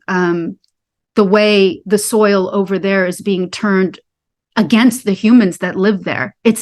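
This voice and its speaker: A woman speaking earnestly in a discussion, impassioned, repeating phrases for emphasis. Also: mid-range voice. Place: Staten Island.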